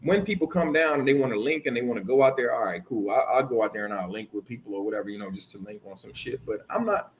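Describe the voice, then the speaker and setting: Animated man telling stories. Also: fast talker, few pauses, a little hiss or hum. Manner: animated storytelling, swears freely, acts out quoted lines in a higher voice. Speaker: streamer host. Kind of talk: casual chat.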